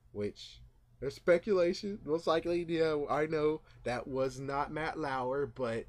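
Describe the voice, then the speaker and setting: A man's voice: on the high side, slow. Rambling man reacting to a movie. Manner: rambling, full of fillers and asides; gets excited and louder when retelling scenes. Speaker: vlogger. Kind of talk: casual movie reaction vlog.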